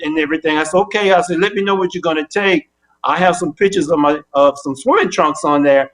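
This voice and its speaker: An older man as the interview guest, telling an animated story and acting out both sides of his phone calls. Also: a little high, fast talker.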